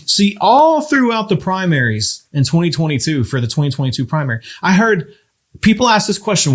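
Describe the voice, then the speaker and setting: A man's voice: sits high, sing-song, brisk. A man hosting a casual political talk show, building his point through rhetorical, emphatic questions. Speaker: podcast host.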